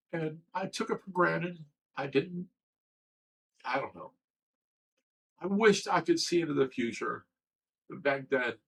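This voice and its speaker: A man's voice: medium pitch, vocal fry, husky, low-quality recording. A livestream host talking candidly and emotionally, rambling and swearing as he tells a personal story. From Ohio.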